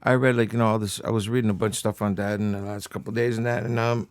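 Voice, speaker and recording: A man's voice: lowish voice, level tone, racing, no room sound. A man hosting a casual chat, talking loosely with lots of "man" and "like" and some swearing. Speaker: host.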